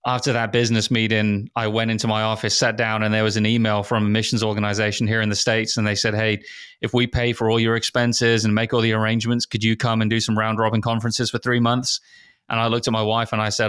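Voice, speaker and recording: A man's voice: on the low side, little pitch movement, quick pace, fairly bright tone, clear, resonant tone, dry recording, clean studio sound. A man, a missionary pastor, telling ministry stories with earnest, self-deprecating humor in a round-table talk. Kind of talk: reflective conversation among pastors.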